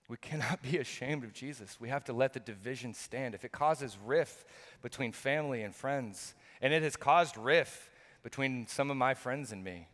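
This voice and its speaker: A middle-aged man preaching a sermon as pastor, talking earnestly and emphatically with frequent restarts, swinging between loud bursts and quiet, low moments. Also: normal speed. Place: church hall. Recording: long hall reverb.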